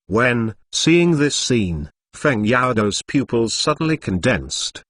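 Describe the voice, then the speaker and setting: A computer-generated man's voice narrates a martial-arts novel, reading every punctuation mark aloud as if it were text. His pitch rises and falls widely from phrase to phrase, and the sound is close and completely dry. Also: very animated, takes it slowly, few pauses, fairly bright tone, no echo. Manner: reads punctuation aloud, like "exclamation mark" and "dot dot dot". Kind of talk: machine-read novel narration.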